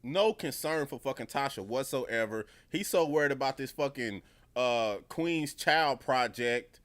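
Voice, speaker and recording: A man's voice: medium pitch, lively intonation, measured pace, a bit bright. Man swearing through a casual TV review. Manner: profane, emphatic, repeats himself. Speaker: TV show reviewer.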